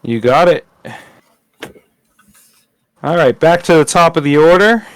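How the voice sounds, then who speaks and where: A man runs a tabletop game as its game master, talking slowly and weighing his rulings with plenty of ums. His voice is smooth and clear, recorded close and dry. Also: a little high, expressive, no room sound, rough recording. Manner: measured, hesitant with fillers.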